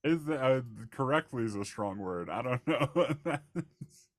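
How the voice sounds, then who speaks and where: A man's voice: medium pitch, expressive, moderate pace, no room sound. Young guy cohost, giggly, quizzing his buddy about movies, dry close sound. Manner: laughs often, asks playful questions. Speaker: podcast co-host. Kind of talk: casual movie podcast chat.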